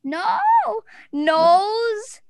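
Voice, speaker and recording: A woman hosting a casual podcast over a Zoom call, chatty and giggly, breaking into quick excited bursts. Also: very high voice, a little hiss or hum. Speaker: podcast host. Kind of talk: casual chat.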